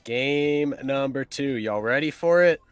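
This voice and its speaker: A man hosting a sports podcast, casually reading out game stats and betting odds in a steady listing way. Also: medium pitch, measured pace, clean tone, faint music behind. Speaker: podcast host.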